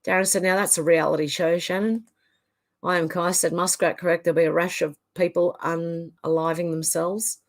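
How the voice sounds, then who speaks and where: Hosting a casual livestream, this Australian woman reads out viewer comments and chats at a moderate pace. Her voice is fairly low and level in tone.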